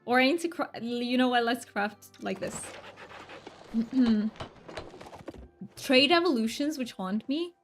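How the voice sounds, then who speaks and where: A woman's voice: fairly high pitch, slow, long pauses, faint music behind. A woman streamer chatting casually while she plays, rambling with fillers and restarts. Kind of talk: casual gaming stream chat.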